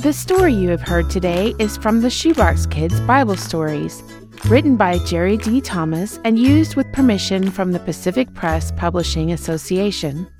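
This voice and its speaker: Female announcer, mid-pitched, calm credits read over a jingly kids' music bed. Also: moderate pace. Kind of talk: scripted credits and contact announcement.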